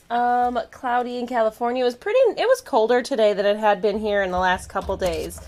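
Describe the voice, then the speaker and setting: A woman hosting a live crafting stream, chatting bubbly and warmly with viewers and greeting them by name. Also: on the high side, a little fast, few pauses. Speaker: craft channel host. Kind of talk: casual live-stream chat.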